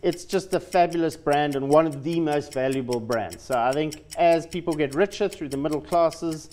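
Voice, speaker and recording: A man appearing as a stock-picker guest in a TV studio, giving conversational market commentary with quick, wry quips. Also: on the high side, a little mellow, faint music behind.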